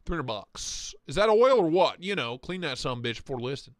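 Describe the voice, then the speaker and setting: A man hosts a casual livestream, trading crude jokes as he runs through knife listings. His voice sits fairly high and swings around with lots of life, a little hoarse, and it sounds dry and close to the mic. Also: big pitch swings, moderate pace, no room sound. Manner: crude joking banter, laughs often. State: voice going hoarse. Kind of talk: casual live-stream commentary.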